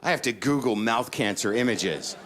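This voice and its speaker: A man's voice: medium pitch, animated, normal speed, fairly bright tone. A middle-aged man doing stand-up, telling a story in a neurotic, profane rant and jumping up into panicked quoted lines. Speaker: stand-up comedian.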